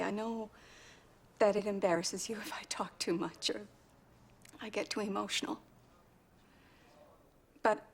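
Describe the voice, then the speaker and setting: A tender, husky-voiced mother. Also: mid-range voice. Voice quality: husky, soft, half-whispered. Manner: emotional, hesitant, tender. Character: mother speaking tenderly to her grown son. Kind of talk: TV drama dialogue.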